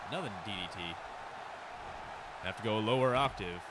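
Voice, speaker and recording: A man gives casual, excitable play-by-play wrestling commentary, swearing and tossing in joking asides. His fairly low voice moves briskly, strained and fading from overuse, with background noise behind him.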